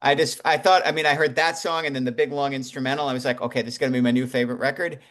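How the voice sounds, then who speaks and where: A man's voice: mid-range voice, steady tone, rapid-fire, a bit bright. A man co-hosting a music podcast, chatting casually and rambling into tangents. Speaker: podcast co-host.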